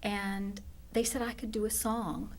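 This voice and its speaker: A woman's voice: mid-range voice, steady tone, a little slow. A woman doing satirical comedy in a pouty, childish spoiled-heiress manner.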